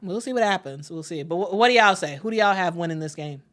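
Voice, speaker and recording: A woman calling a live basketball game for her stream, chatty and excitable, talking straight to her viewers. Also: on the low side, fast talker. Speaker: play-by-play commentator. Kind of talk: casual live play-by-play stream.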